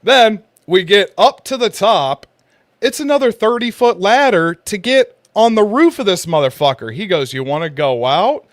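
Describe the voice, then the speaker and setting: Man, fairly high voice, dry close sound, profane rambling storyteller, casual chat. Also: sing-song, normal speed, a bit bright, dry recording. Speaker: co-host.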